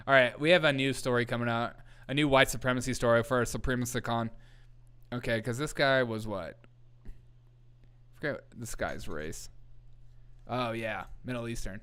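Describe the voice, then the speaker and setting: A man's voice: medium pitch, a bit bright, clean tone. A man hosting a live comedy news show, riffing on headlines with a joking, chaotic manner and frequent laughter. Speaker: host.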